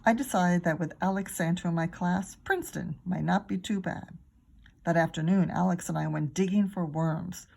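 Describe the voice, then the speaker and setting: A woman teacher reading a children's chapter book aloud, expressive and acting out the characters. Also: lowish voice, moderate pace, vocal fry, slightly rough. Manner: expressive, acts out each character.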